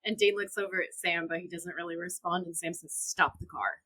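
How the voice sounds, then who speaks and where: A woman's voice: on the low side, flat delivery, quick pace, bright, forceful tone, rough recording. A young woman co-hosting a podcast, animatedly retelling scenes and quoting the characters in her own voice. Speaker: podcast co-host. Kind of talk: casual recap chat.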